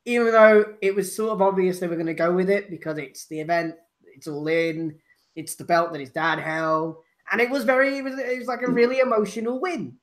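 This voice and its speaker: A woman co-hosting a casual wrestling chat, rambling and laughing, loud when teased. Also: medium pitch, fairly even intonation, fairly quick. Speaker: podcast co-host.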